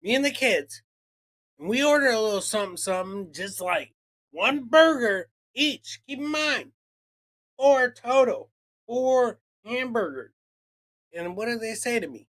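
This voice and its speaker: Bright-voiced man ranting and swearing. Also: very high voice, animated, measured pace. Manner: profane, ranting, acts out quoted exchanges. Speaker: podcast co-host. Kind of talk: casual chat.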